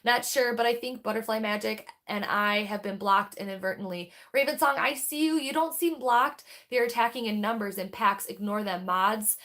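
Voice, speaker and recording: A woman's voice: medium pitch, moderate pace, few pauses, fairly bright tone. A woman hosting a tarot livestream, chatting casually and candidly, rambling and swearing freely as she responds to viewers. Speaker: tarot reader and livestream host.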